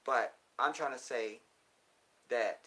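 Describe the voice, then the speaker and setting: A male livestream host in loose, casual chat, answering viewer comments with blunt profanity. He lectures in emphatic bursts and keeps checking in with his audience, with a voice of middling pitch for a man. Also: slow pace, sharp tone. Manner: preachy, keeps checking in with the listener.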